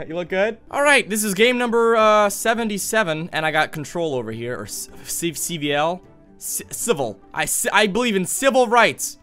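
A man's voice: a little high, sharp tone, clean tone. A man giving goofy, jokey commentary while playing a video game, exclaiming and talking to other players as he goes. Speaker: gaming YouTuber.

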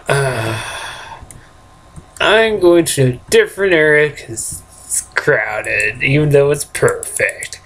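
A man's voice: mid-range voice, expressive, slow pace, fairly bright tone. A man hosting a game let's play, rambling casually and chuckling to himself as he plays. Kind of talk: casual gameplay commentary.

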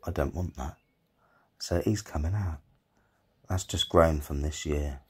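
A man's voice: a bass voice, measured pace, darkish tone, husky. A man, a self-employed gardener chatting casually on his vlog, rambling, joking and swearing as he goes.

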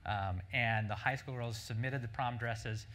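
A middle-aged man, a marketing executive, telling stories to a breakfast audience in an animated way, with many restarts and "right?" asides. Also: medium pitch, a little slow. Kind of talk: conference keynote storytelling. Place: breakfast event room before an audience.

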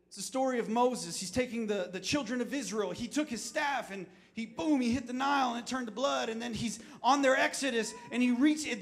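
Delivering a short sermon to his congregation, a male pastor with a strikingly high voice shifts between plain talk and loud, fervent declarations. His preachy delivery rises to shouts and drops low again, and he repeats phrases to drive his point home.

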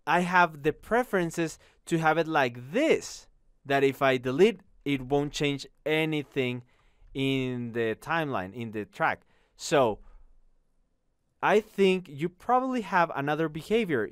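A man teaching an online course, walking through a software tutorial in an upbeat, chatty way, often saying "okay?" after each step. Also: on the high side, clear, resonant tone, dry recording, studio quality. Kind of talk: screen-recorded software tutorial.

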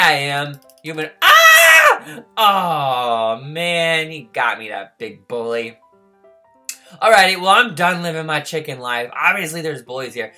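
A man giving excitable let's-play commentary, yelping and squealing in mock distress and teasing in a playful, childlike way. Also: mid-range voice. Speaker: gaming YouTuber.

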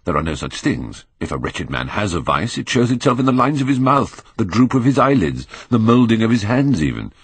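A man's voice: sing-song, brisk, few pauses, husky, dry recording, exaggerated voice. A man reading as a grave, earnest painter. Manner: grave, pleading, deep-voiced. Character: earnest Victorian male painter, grave and troubled. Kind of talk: audiobook character reading.

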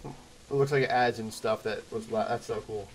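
A young man commentating a video game, excitable and chatty, yelping at danger and answering chat. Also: medium pitch, normal speed. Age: young adult. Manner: excitable, yelps and exclaims, chatty asides to chat. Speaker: let's play host. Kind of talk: gameplay commentary.

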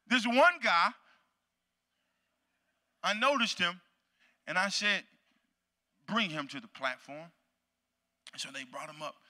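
A man preaching a sermon in a church, telling a story dramatically and swinging from loud shouts to hushed near-whispers. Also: fairly high pitch, long reverb tail. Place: church sanctuary.

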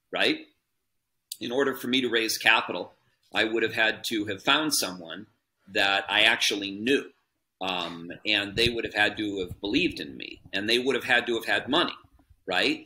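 A man with a slightly low, forceful voice answering interview questions in an earnest, conversational way. He explains his points patiently and often checks in with a quick "right?" His speech is loose and unscripted, with plenty of ums and uhs. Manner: earnest, explanatory, with frequent fillers and tag "right?". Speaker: podcast guest, business chairman.

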